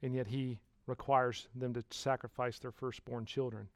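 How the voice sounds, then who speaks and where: A man preaching a sermon as pastor, putting rhetorical questions to the congregation and swinging from hushed to loud. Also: mid-range voice, level tone, normal speed, no echo.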